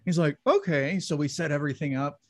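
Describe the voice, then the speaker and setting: A man, likely in his forties, co-hosting a casual chat, animated and quick to laugh loudly. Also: a little high, no echo. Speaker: podcast co-host.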